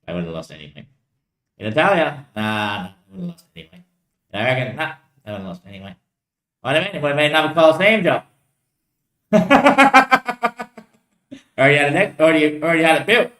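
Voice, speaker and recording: A man's voice: fairly high pitch, big pitch swings, a little fast, pauses often, a bit bright. A man rambling in casual chat, loose and swearing, laughing between lines. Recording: roomy echo.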